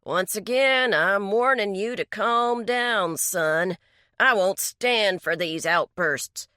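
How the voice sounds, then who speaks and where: A woman's voice: lowish voice, big pitch swings, measured pace, sharp tone, no echo, clean studio sound, full character voice. A woman doing a sneering small-town deputy. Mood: patronizing. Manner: condescending and threatening. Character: patronizing, menacing male deputy.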